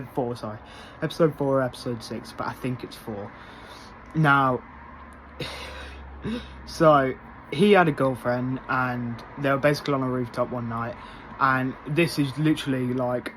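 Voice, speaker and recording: Man, casual review, rambling with fillers, mid-pitched voice, faint hiss behind. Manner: rambling, many fillers, gets loudly excited.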